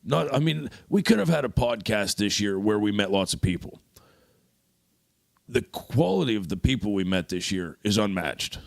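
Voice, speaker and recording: A low-pitched man with a gravelly, crackling edge to his voice, chatting on a podcast. He tells his stories with animation and acts out the people he quotes. The studio sound is dry and close. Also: animated, moderate pace, dry recording. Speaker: podcast co-host. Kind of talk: casual podcast chat.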